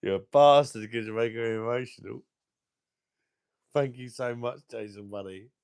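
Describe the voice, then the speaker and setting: A man's voice: mid-range voice, normal speed, creaky, a little mellow, smooth, no room sound, clean studio sound. A young man, hosting a casual beer channel live stream, swearing freely and talking to viewers. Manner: sweary, emotional, talks to chat viewers.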